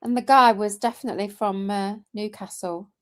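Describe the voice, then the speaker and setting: A woman's voice: mid-range voice, steady tone, normal speed, fairly bright tone, no echo, studio quality. A woman chatting as a guest on a livestream, telling stories and laughing at herself. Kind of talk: casual chat on a livestream.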